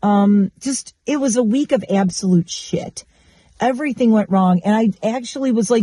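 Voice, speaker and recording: A woman's voice: fairly high pitch, normal speed, mellow, dry recording. A woman vlogger in casual chat, talking candidly and bluntly and swearing freely.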